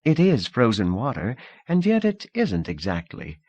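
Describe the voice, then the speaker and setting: A man voicing a poised, polite young woman from a wealthy family, speaking in a bright, gracious, curious way in a dry audiobook reading. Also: medium pitch, wildly swooping pitch, measured pace, no echo, lo-fi sound, pitched above the performer's own voice.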